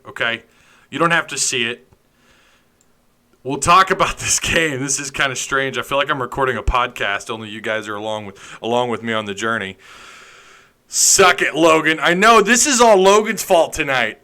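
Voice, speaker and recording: A man hosts a sports podcast livestream, joking and chatting while fumbling with his setup and getting flustered by tech trouble. His voice is medium in pitch with a sharp, clean tone, and the talk is casual livestream banter.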